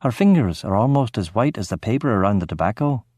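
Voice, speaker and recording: A man giving steady, measured first-person narration of a crime novel audiobook. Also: lowish voice, dry recording, studio quality.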